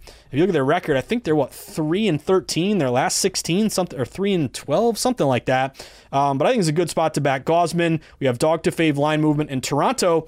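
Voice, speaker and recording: Podcast host, man in his 30s, enthusiastic stat-heavy chatter, slightly higher voice, dry sound. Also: dry recording. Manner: chatty, enthusiastic, rattles off odds and stats. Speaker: podcast host, betting analyst. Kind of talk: casual sports betting podcast.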